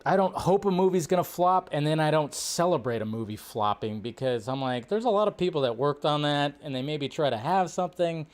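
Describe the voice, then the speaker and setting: A young man hosts a live film-news stream in a loose, rambling chat. His voice sits a little high for a man, and he keeps circling back and restarting his sentences. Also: brisk, few pauses. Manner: rambling, animated, many restarts and fillers. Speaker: host.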